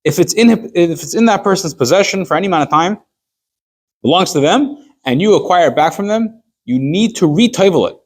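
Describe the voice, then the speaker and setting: A man's voice: sits high, expressive, fairly quick. A man, a rabbi, teaching an informal class on Jewish law. He talks conversationally, walking through everyday hypothetical stories and acting out little scenes of quoted dialogue.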